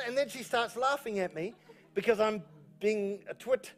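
A man's voice: extremely high pitch, fairly quick, a bit bright. A male pastor preaching a sermon in church, repeating key phrases with emphasis and telling jokey stories. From New Zealand. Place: church auditorium.

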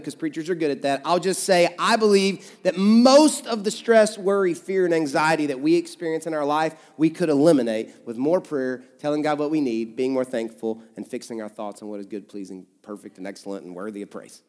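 A male pastor with a Kentucky accent preaching a conversational sermon, swinging between emphatic loud stretches and hushed ones. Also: a little high. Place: church sanctuary. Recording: church hall reverb with soft music.

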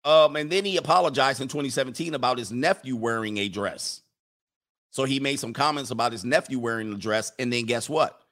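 A man's voice: mid-range voice, a little fast, fairly bright tone. A man hosting a live stream, casually commenting, joking and rambling as he reads viewer messages. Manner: rambling, joking, talks back to himself. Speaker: live-stream host reading viewer chats.

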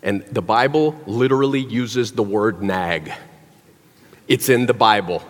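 A man's voice: fairly low pitch, a little slow, faint music behind. A man preaching a sermon, telling a story animatedly with wry, joking asides. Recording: long hall reverb.

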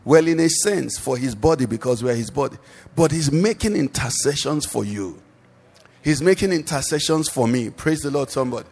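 A man's voice: mid-range voice, expressive, brisk, a little mellow, husky. A man preaching a sermon as pastor at a church service, asking the congregation questions and leaving them to answer. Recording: long hall reverb.

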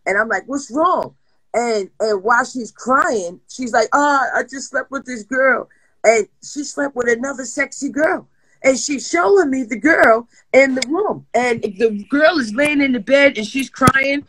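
A woman hosting a casual chat show, telling stories loudly and bluntly with lots of swearing. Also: sits high, a little slow, husky, no room sound, rough recording. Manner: loud, profane, animated storytelling. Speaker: host.

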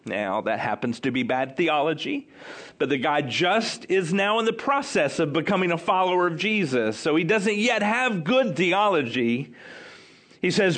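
A man with a somewhat high voice preaches a sermon verse by verse. He talks conversationally and repeats key phrases for emphasis. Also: big pitch swings, moderate pace, a bit bright. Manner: emphatic repetition, expository, conversational.

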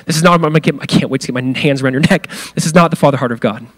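A man's voice: mid-range voice, racing, fairly bright tone. A male pastor preaching a sermon in a loose, conversational way, filling his talk with "like" and acting out the quoted lines with big swings in his voice.

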